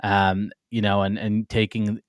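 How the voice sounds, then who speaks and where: A man from England co-hosting a morning talk show in a relaxed, chatty way with plenty of fillers. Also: fairly low pitch, unhurried, no echo, clean studio sound. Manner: laid-back, chatty, lots of fillers. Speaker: co-host. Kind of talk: casual chat.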